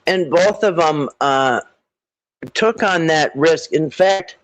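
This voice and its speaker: A man hosting a casual live stream, rambling with halting restarts and frequent throat clearing. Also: fairly high pitch, no echo, rough recording. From Minnesota.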